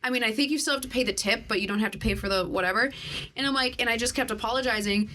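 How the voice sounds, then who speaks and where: Bright-voiced woman telling a story. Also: a little high, very fast, a little hiss or hum. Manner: animated storytelling, acting out both sides of conversations; frank, swears freely. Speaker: podcast guest. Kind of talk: casual chat.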